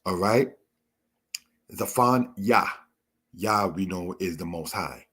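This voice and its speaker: A man with a low, husky voice gives a scripture lesson at an unhurried pace. He explains each word patiently and keeps calling his listeners brothers and sisters. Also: pushed and bright. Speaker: Torah teacher. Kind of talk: slow spoken Bible lesson.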